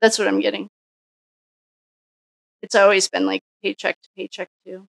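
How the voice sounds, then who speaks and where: Woman tarot reader, gravelly fry, dry close sound, rambling think-aloud delivery. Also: mid-range voice, level tone, normal speed, dry recording. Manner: musing, thinks aloud with frequent restarts. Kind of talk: casual solo tarot reading.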